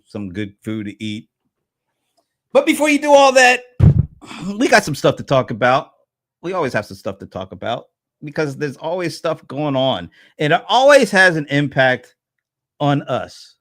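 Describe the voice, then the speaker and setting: A man hosting a small-business live stream, playful and theatrical, swinging between loud bursts and hushed asides. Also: mid-range voice, sing-song, moderate pace, dry recording, studio quality. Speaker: show host. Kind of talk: lively live-stream banter.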